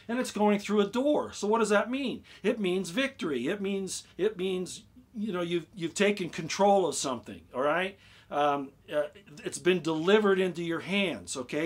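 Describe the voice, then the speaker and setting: Pitched high, a man walks his YouTube live audience through things in a casual way. He grows enthusiastic, goes over the same points again, and repeatedly tosses out "okay?" to viewers.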